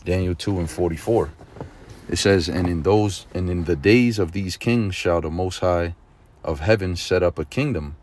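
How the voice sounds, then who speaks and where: A man teaching an informal religious lesson in a conversational preaching manner, often checking in with his listeners and growing excited at points. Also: sits low, normal speed, slight background noise. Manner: grows excited and emphatic at points.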